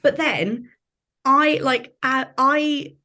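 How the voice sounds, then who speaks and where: High-voiced chatty woman guest. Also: very slow, bright, forceful tone. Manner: chatty, many "like" fillers. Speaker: podcast guest. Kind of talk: casual film discussion.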